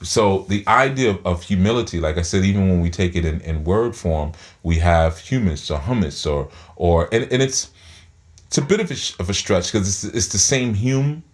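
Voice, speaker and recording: Man with a very low voice, spiritual teacher, talks through clenched teeth, rambling. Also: expressive, normal speed. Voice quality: speaks through his teeth. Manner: rambling, repeats words while thinking aloud.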